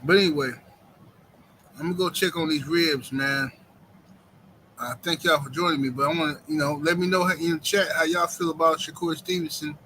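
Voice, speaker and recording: A man hosting a live boxing talk stream from home, chatting casually in an animated, joking, slangy way. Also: a little high, a little fast, slight background noise, poor audio.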